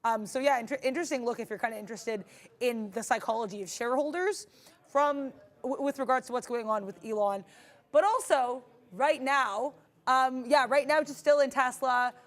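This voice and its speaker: A woman's voice: sits high, normal speed. A woman co-hosting a live trading stream, chatting in an upbeat, rambling way about her positions and reading a sponsor spot. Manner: upbeat, rambling, many fillers and restarts. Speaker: day-trading stream co-host.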